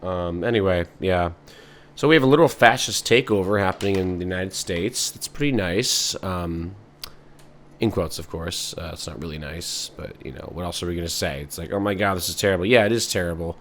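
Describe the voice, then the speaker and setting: A man's voice: deep voice, moderate pace, a bit bright, a little hiss or hum. A man hosting a podcast in a rambling, sardonic comic monologue full of fillers. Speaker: podcast host.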